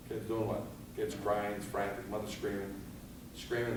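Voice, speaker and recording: Animated male instructor in an echoey hall. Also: lowish voice, normal speed, recorded from a distance, background noise. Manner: animated, asks the audience rhetorical questions. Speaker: fire escape safety instructor. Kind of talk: seminar lecture. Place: seminar room.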